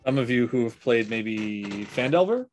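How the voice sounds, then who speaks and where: A man narrating as dungeon master for a tabletop game, relaxed and halting, with many fillers. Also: medium pitch, faint music behind.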